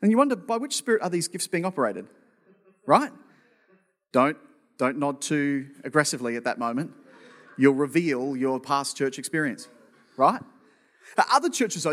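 A man's voice: fairly high pitch, a bit bright. A male pastor preaching a sermon in a conversational way, often restarting with repeated words and making joking asides. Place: church auditorium. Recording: long reverb of a church hall.

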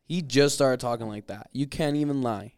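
A man's voice: medium pitch, moderate pace, darkish tone, no echo, clean studio sound. A young man co-hosting a podcast in casual chat, swearing and arguing while he laughs with his friend. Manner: swears a lot, laughs, argues. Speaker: podcast co-host.

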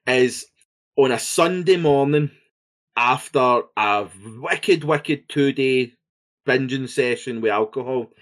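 A man with a Scottish accent, co-hosting a podcast in casual chat, animated and swearing freely. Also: medium pitch, takes it slowly. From Scotland. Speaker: podcast co-host.

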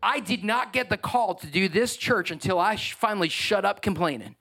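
A middle-aged man, preaching a sermon as pastor in an animated, joking way with asides to the congregation. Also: high-pitched, normal speed, vocal fry.

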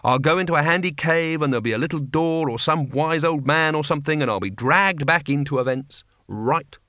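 A man voicing a nervous, cowardly male wizard who mutters to himself in a low, quiet voice. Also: brisk, no room sound, studio quality. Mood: wary. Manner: muttering, self-protective.

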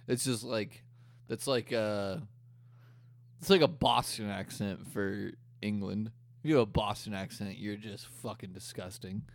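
A man's voice: lowish voice, steady tone, a little slow, vocal fry, dry recording, studio quality. A young man co-hosting a podcast, rambling and swearing through casual chat. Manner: crude, rambling, profane. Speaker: podcast co-host.

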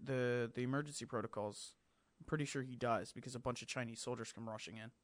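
A man's voice: medium pitch, fairly even intonation, fast talker. A young man co-hosting a casual chat about games, with wry, sarcastic remarks and casual swearing. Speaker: podcast co-host.

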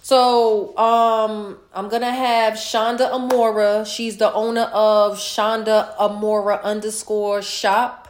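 Woman, podcast host, casual heartfelt chat, congested, medium pitch, roomy echo. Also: little pitch movement, slow pace, few pauses. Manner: chatty, repetitive, heartfelt. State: congested with sinus infection.

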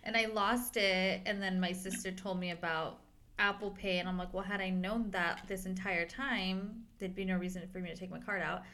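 A woman's voice: mid-range voice, steady tone, normal speed, sharp tone. A young woman in her twenties co-hosting a podcast, telling a story in a rambling casual way, full of fillers and swearing. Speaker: podcast co-host. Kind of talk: casual chat.

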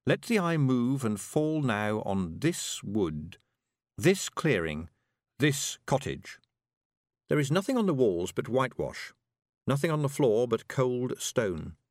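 Expressive male audiobook narrator. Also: mid-range voice, dry recording, studio quality. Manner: expressive, measured storytelling.

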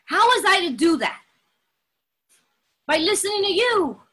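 Woman speaker, high bright voice, emphatic and dramatic, sharing her own story with frequent laughter. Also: big pitch swings, a little slow. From Latin American heritage. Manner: laughs often while talking. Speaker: recovery meeting speaker. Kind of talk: personal testimony talk.

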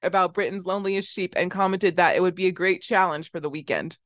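A woman's voice: on the low side, brisk, no echo. Chatty woman with a dry sound. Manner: laughs often, many fillers. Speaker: podcast co-host. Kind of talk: casual chat, reading news stories.

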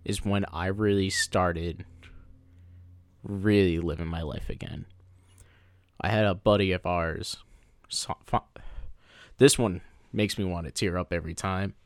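Animated low-voiced man sharing a story. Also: a little slow, pauses often, no room sound. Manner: animated storyteller who slips into playful voices. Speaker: podcast co-host. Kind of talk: casual chat.

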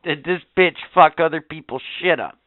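A man's voice: a little high, normal speed, no room sound. A man co-hosting a casual podcast, reacting with short swearing comments and jumping into his partner's story. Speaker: podcast co-host. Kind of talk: casual profane banter. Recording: tinny phone-like audio.

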